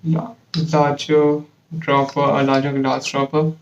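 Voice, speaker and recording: A young hobbyist lab vlogger works alone at a bench, muttering measurements and swearing in frustration as casual working commentary. His fairly high voice barely moves in pitch and stays unhurried. The lo-fi recording has slight background noise, an echoey room, and a distant mic.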